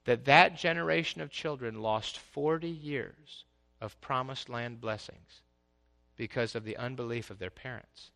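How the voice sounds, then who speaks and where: A man preaching a sermon as pastor, swinging from quiet asides to loud, exclaiming passages. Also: medium pitch, measured pace, creaky.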